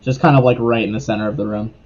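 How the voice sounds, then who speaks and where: A man narrating as game master of a tabletop role-playing game, laying out a grim scene in easy, unhurried talk. His voice is dark and mellow. The stream audio is dull and lo-fi. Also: fairly low pitch. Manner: descriptive, relaxed narration with fillers.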